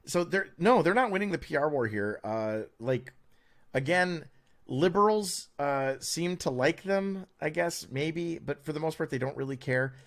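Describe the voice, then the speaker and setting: Fairly high-pitched and a bit bright, a man from the United States speaks animatedly but a little slowly as he co-hosts a podcast. He's opinionated and sarcastic, rambling along and often stammering before restarting his sentences.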